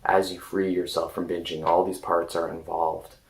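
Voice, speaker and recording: A man speaking as a coach in a casual self-help talk, gentle and hesitant, often restarting his sentences. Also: low-pitched, little pitch movement, normal speed, poor audio.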